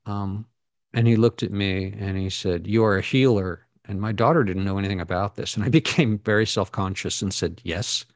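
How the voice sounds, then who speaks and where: A middle-aged man with a fairly low voice tells personal stories in an earnest, meandering way, full of asides. The sound is dry and close, with no room around it. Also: brisk, no room sound. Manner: earnest, storytelling, rambling asides. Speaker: guest. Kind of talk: casual conversation.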